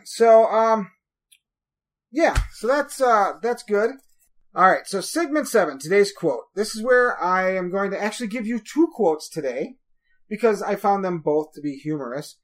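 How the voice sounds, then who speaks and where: A man's voice: sits high, lively intonation, a little slow. Guy hosting a podcast, rambly and chatty, lots of ums and uhs. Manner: rambling, chatty storytelling with frequent fillers. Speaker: podcast host. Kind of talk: casual podcast chat.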